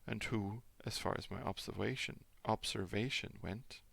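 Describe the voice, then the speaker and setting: A man whose first language is German reads a classic novel aloud as a father would, with expressive emphasis and small stumbles. His voice is low and gravelly. The recording is dry and close. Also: moderate pace, no echo. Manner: expressive, animated reading with small slips.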